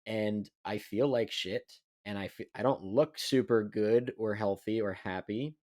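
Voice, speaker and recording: Rambling young man, fairly low voice. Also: unhurried, darkish tone. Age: young adult. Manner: loose, rambling, many "like" fillers. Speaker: podcast co-host. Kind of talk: casual podcast chat.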